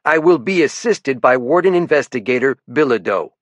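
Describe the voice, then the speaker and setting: A man's voice: medium pitch, expressive, normal speed, dry recording, pitched above the performer's own voice, lightly acted. A man voicing a theatrical, pompous game warden lieutenant with a sing-song francophone accent. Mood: commanding. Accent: francophone Maine French. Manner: sing-song lilt, speechifying.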